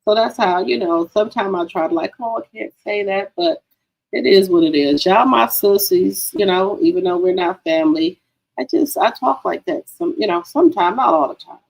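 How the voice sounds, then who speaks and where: A woman's voice: mid-range voice, expressive, normal speed, vocal fry, low-quality recording. A woman hosting a casual gossip livestream, chatty and profane, talking to her viewers as girlfriends. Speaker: livestream host.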